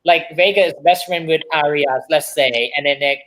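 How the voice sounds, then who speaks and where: A drag performer in casual chat, telling a pageant story and acting out other people's words loudly. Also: female voice, low voice, normal speed, poor audio. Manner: animated storyteller, acts out quotes loudly. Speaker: drag pageant queen guest.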